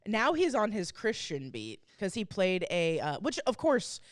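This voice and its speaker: A woman co-hosting a podcast in casual chat, with a profane, slangy, animated way of talking. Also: medium pitch, unhurried, no room sound, clean studio sound. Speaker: podcast co-host.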